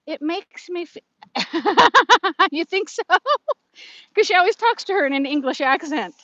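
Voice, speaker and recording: A woman's voice: extremely high pitch, lively intonation, slow pace, bright, forceful tone, dry recording, muffled recording. A woman in her fifties chatting casually on a live stream from her phone while she walks outdoors, reading out viewer comments and laughing often. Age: 50s. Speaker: vlogger. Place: outdoors, walking to her car.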